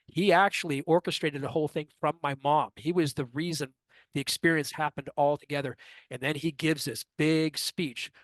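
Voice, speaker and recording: A middle-aged man, an astrologer being interviewed, telling a personal story in a lively way and acting out what others said. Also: a little high, moderate pace, no echo. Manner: lively, acts out others' lines in quotes. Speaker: astrologer guest.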